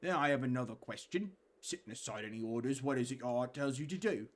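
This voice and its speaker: A man's voice: mid-range voice, lively intonation, fast talker, close to an everyday voice. A man voicing a proud, muscular male clan warden in a put-on accented voice. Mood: stern.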